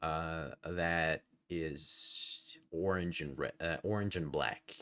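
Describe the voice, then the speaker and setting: Low-voiced man swearing and giggling on stream. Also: slow pace, fairly bright tone. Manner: profane, giggly, rambling. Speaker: VTuber streamer host. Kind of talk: casual stream chat.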